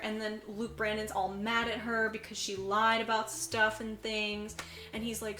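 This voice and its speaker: A woman's voice: mid-range voice, brisk, echoey room, soft background music. A woman co-hosting a podcast, animatedly retelling a film plot in casual chat and acting out the characters' lines. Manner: animated storyteller, acts out quotes, says "like" a lot. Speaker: podcast co-host. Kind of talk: casual chat recapping a movie.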